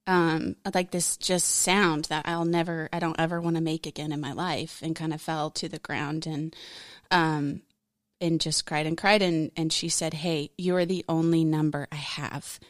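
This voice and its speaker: Woman guest with a low voice, candid and emotional, speaking in a dry, close recording. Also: little pitch movement, measured pace, no room sound. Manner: frank, candid, rambling with fillers. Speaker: podcast guest. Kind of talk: personal storytelling in conversation.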